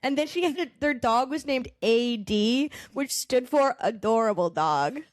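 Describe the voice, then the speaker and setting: Lively, high-voiced woman comedian. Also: a little slow. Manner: animated storytelling, fillers, frequent swearing. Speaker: stand-up comedian guest. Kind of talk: casual podcast chat.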